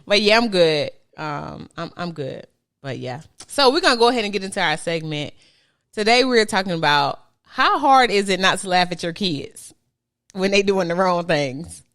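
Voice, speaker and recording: A woman hosting a casual chat show, animated and playful, laughing often. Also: mid-range voice. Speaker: host.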